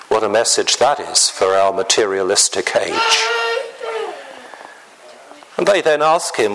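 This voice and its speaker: Slow, lively preaching man. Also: medium pitch, slight background noise, rough recording. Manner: slow, deliberate preaching with clearing of the throat. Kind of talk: sermon.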